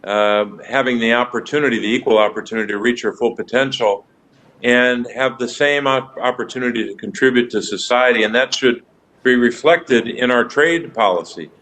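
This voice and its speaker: Senator speaking over a video link. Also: male voice, mid-range voice, fairly bright tone, poor audio. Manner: formal, deliberate, with restarts. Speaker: senator questioning a nominee. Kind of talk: hearing remarks and questioning. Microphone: remote video link.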